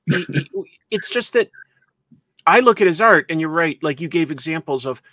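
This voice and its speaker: A man hosts a casual interview, reflecting aloud and hedging his thoughts as he asks questions. His voice sits a little high, and the sound is dry and close. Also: lively intonation, normal speed, bright, forceful tone, no room sound. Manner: curious, reflective, hedging with fillers. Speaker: interview host.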